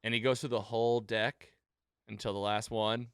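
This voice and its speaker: A man's voice: on the low side, normal speed, smooth, no echo, clean studio sound. A man co-hosting a casual podcast, recapping an episode with frequent laughter and acted-out quotes. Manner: animated, laughs often, acts out quoted lines. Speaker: podcast co-host.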